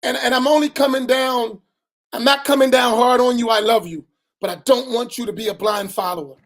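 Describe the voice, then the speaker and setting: A man's voice: very high-pitched, steady tone, fairly quick, fairly bright tone. Man, imam, religious lesson, direct and admonishing, repeats "right?".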